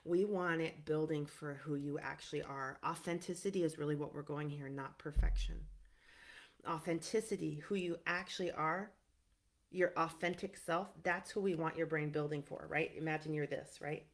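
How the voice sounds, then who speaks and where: Low-voiced middle-aged woman therapist. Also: normal speed. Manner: animated and emphatic, frequent "right?" and "um". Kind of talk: casual teaching monologue.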